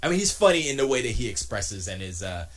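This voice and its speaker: Animated man ranting casually. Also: mid-range voice, fast talker. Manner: animated, restarts a lot, mocking asides. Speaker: streamer and podcast host. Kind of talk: casual rambling commentary. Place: home studio.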